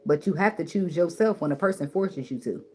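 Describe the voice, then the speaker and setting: A woman's voice: fairly low pitch, expressive, a little fast, dark tone. A woman giving tarot advice in a blunt, preachy way, swearing freely and repeating words for emphasis. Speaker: tarot reader. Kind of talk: casual spiritual advice monologue.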